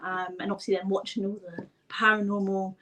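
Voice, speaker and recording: A woman's voice: medium pitch, level tone, fairly quick, pushed and bright, low-quality recording. A young woman, chatting as a guest about paranormal investigating. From southern England. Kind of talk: casual chat over video call.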